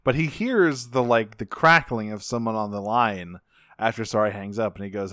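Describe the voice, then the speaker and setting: A man's voice: lowish voice, moderate pace, pushed and bright, no room sound, clean studio sound. A man co-hosting a podcast, casually recapping a cartoon episode and acting out quotes with a laugh. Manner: laughs often, acts out quotes. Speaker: podcast co-host.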